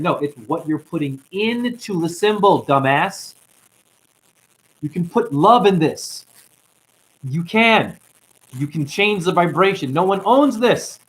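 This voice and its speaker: Fired-up guy preaching spiritual stuff, rants at viewers and calls them honey, voice jumps all over, kinda high. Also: expressive, a little slow, poor audio. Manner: ranting, calls listeners honey. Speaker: self-styled spiritual teacher. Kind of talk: impassioned spiritual monologue.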